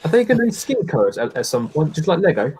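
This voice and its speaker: A man's voice: on the high side, big pitch swings, fast talker, darkish tone. A man chatting casually as co-host, joking and laughing easily. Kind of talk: casual chat.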